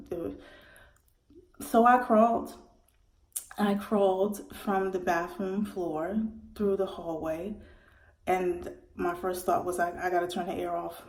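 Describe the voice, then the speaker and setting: Woman, personal birth story, halting emotional retelling, echoey room. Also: fairly low pitch, a little mellow. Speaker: mother telling her birth story.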